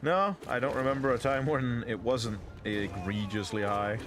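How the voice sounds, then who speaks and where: A man's voice: mid-range voice, moderate pace, music in the background. A man hosting a gaming session, chatting casually with dry, joking banter while he plays. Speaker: gaming channel host.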